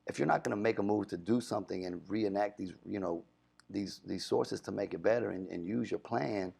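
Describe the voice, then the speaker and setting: Radio dj guy, low gravelly voice, earnest and fired up, keeps saying you know what im saying. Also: brisk, darkish tone. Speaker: radio DJ guest. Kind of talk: casual interview chat.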